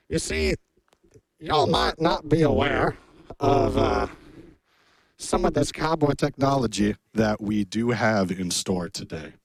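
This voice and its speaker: A man's voice: on the high side, vocal fry, no echo, exaggerated voice. A man playing a hammy Old West cowboy host with a put-on Western drawl, joking his way through a live stream on a handheld mic. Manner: playful, jokey, theatrical. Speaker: event host. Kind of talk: live stream hosting in character. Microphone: handheld stick mic.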